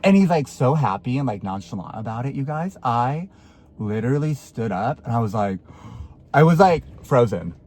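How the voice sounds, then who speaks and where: A young man telling a dramatic personal story to his viewers in a casual, excitable way, swearing and filling his talk with "like". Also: medium pitch, normal speed. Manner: animated, swearing, lots of "like" fillers.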